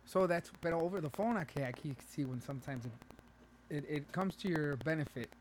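A man's voice: on the high side, brisk, slight background noise, poor audio. A man co-hosting a podcast in casual chat, teasing and joking with his partner. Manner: teasing, joking, cuts in with jokes. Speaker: podcast co-host.

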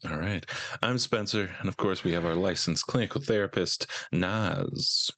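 Male podcast host, very low voice, dry close sound, relaxed joking delivery. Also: no room sound. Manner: joking, laid-back, fast introductions. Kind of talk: casual podcast chat.

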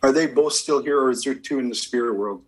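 A male medium gives a spirit reading in a husky, fast, mid-range voice over a rough recording. He fires off short yes-or-no questions, meeting each answer with "okay, perfect."

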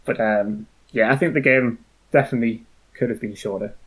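A laid-back man chatting about a game with friends. His voice sits at an ordinary middle pitch and wanders as he corrects himself mid-sentence. His humor is wry. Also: fairly even intonation, a little fast, slightly rough. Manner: rambling, self-correcting, wry. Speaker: podcast co-host. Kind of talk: casual review chat.

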